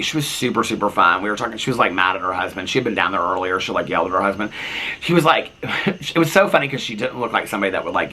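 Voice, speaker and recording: A vlogger spins a lengthy, rambling tale from his front porch, talking animatedly with plenty of fillers and side comments. He has a lowish, slightly rough voice.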